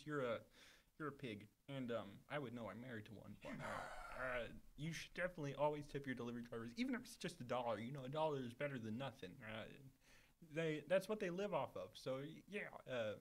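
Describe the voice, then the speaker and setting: A man doing a cheerful, folksy impression of a frog puppet character, halting and fond of saying "I tell ya" as a comic bit in a casual chat. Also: medium pitch, a bit bright, close to an everyday voice.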